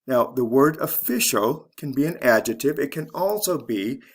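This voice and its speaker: A man teaching an English pronunciation lesson, reading word pairs slowly and spelling out endings letter by letter. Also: mid-range voice, animated. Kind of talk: slow, deliberate pronunciation lesson.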